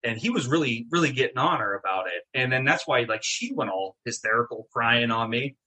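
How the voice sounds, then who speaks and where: Casting note: middle-aged man, bright husky voice, lively storyteller who swears freely. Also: mid-range voice, a little fast. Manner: animated, swearing, acts out quotes. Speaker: guest, town mayor. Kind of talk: casual storytelling.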